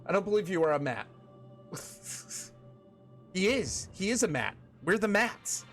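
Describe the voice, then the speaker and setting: Playful male streamer, animated pitch, chats and hums over loud game music. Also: a little slow. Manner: playful, sings snatches of songs, greets viewers by name. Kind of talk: casual gameplay chat with chat readers.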